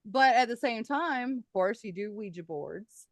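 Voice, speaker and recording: A middle-aged woman, a guest on a podcast, telling her own paranormal stories in a lively, chatty way and laughing often. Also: a little high, measured pace, dry recording. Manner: animated storyteller, laughs often. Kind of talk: casual podcast storytelling.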